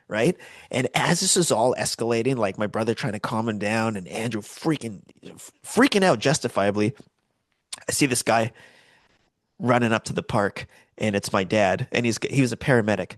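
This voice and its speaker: A man's voice: mid-range voice, normal speed, dry recording. A middle-aged man co-hosting a podcast, telling a story in casual chat and acting out the voices of the people in it. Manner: animated storyteller, acts out voices in quotes. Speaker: podcast co-host.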